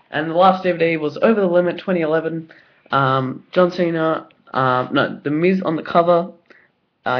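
A young Australian man talks through an unboxing with rambling, excited enthusiasm, full of ums and likes. His voice sits a little high for a man. The home recording sounds dull and lo-fi. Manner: enthusiastic and rambling, many fillers. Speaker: vlogger. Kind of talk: casual unboxing video.

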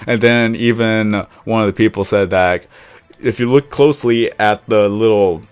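A man's voice: fairly low pitch, a little slow, clean tone. A young man casually commenting while he plays a block-building game, rambling and chatty, sometimes cooing at his pet dog. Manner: rambling, chatty, self-described monotone when calm. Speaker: gaming YouTuber.

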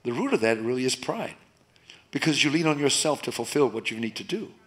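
A man preaching from the pulpit in a mid-range voice. He climbs into loud, emphatic bursts, then sinks to a hushed, intimate tone. Animated, expressive preaching. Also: medium pitch, fairly quick. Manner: animated preaching, rising loud and dropping to soft. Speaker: pastor. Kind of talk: sermon.

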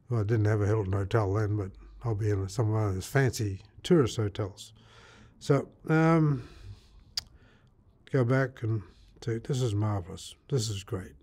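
A man's voice: mid-range voice, a little mellow. An older man from Australia, an interviewee telling his life story in a rambling way, full of fillers and repeated words.

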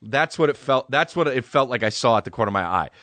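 A man's voice: mid-range voice, animated, fast, fairly bright tone, dry recording. A young adult man hosting a podcast, telling rambling comedic stories in a laid-back, profane way. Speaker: podcast host. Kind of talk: comedic storytelling monologue.

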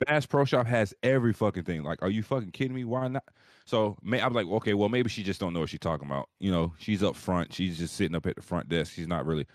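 A man's voice: low-pitched, fast, no echo, studio quality. A man co-hosting a podcast over a video call, telling a long profane story in casual chat. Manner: rambling, profane, animated storyteller. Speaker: podcast co-host.

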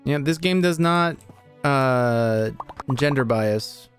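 A man's voice: mid-range voice, slow pace, clean tone, faint music behind. A young man streamer chatting casually and cursing freely while playing a game and talking to his viewers. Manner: chatty, profane, talks to chat. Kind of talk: casual live gameplay commentary.

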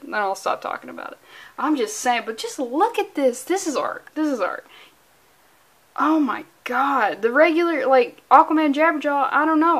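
A woman's voice: sits high, a bit bright. A woman vlogging about comic books in a casual, mock-angry, profane and rambling way. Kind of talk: casual comic review vlog.

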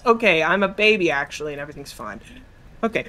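A man streaming a game, chatting casually with his chat, excitable and profane, with a cold. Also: high-pitched, fast, background noise. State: has a cold. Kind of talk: casual gameplay commentary.

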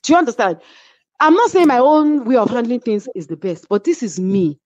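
A woman's voice: fairly high pitch, very animated, brisk, darkish tone, no room sound. A woman with a Nigerian accent, a reality show cast member telling her side in an interview, emphatic and checking that her listeners follow. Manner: emphatic, keeps asking "do you understand?". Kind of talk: animated storytelling in an interview. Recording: dull lo-fi sound.

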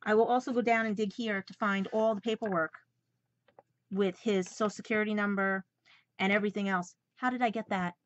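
In a brisk, mid-range voice with fairly even intonation, a woman vlogger delivers an angry personal rant, confronting her viewers and calling them "guys" again and again. The sound is dull, dry and lo-fi, with slight background noise.

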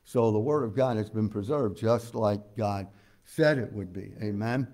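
A man preaching an expository sermon as pastor. He explains scripture verse by verse, asks the congregation questions and often pauses on "uh". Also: on the low side, darkish tone. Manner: preaches conversationally with frequent "uh" fillers.

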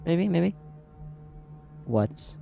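A man's voice: fairly high pitch, sing-song, extremely slow, vocal fry, mellow, dull audio, soft background music. A young man hosting a horror game let's play, easily startled and talking to himself and his viewers as he goes. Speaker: gaming channel host.

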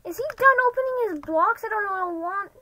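Young gamer, high bright voice, excitable shouts and mumbled asides while playing. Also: brisk, low-quality recording. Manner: excitable, muttering half-whispered asides to self. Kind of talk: Minecraft gameplay commentary.

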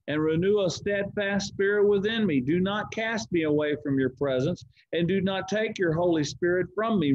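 A man's voice: high voice, husky, dry recording. A man leading a church Bible study, reading scripture aloud and explaining it with rhetorical questions and repeated words. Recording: dull, lo-fi church stream.

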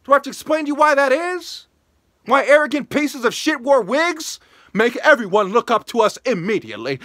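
A man delivering an angry, profane ranting monologue as a vlogger, hectoring his listeners and rising to shouting. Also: extremely high pitch, big pitch swings, fairly quick, no room sound, studio quality.

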